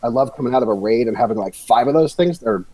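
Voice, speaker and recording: A man's voice: medium pitch, animated, quick pace, mellow, slightly rough, no echo, poor audio. Rambling man on a gaming podcast. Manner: rambling, meandering. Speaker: podcast co-host. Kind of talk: casual chat.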